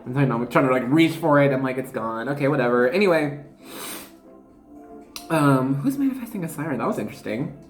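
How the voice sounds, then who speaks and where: A woman giving an intuitive card reading to viewers, chatty and excitable, often trailing off and correcting herself mid-thought. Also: very deep voice, brisk. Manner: addresses viewers casually as y'all. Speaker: tarot reader. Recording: echoey room with faint music.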